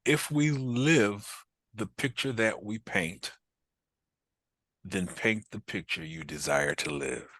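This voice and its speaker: A man's voice: on the low side, slow pace, a bit bright, dry recording. A man hosting an interview, speaking politely with slight hesitations. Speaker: interview host.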